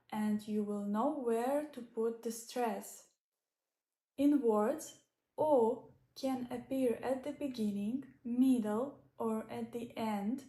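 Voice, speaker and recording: A woman whose first language is Russian gives a slow, deliberate language lesson in English. Her voice sits a little high, and she carefully sounds out each letter and example word. The recording has a noticeable echo, as if made in a bare room. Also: warm tone. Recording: echoey room.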